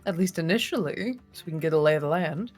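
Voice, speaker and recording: A woman's voice: on the low side, lively intonation, fast, soft background music. A woman player in a live tabletop game, talking casually with playful asides.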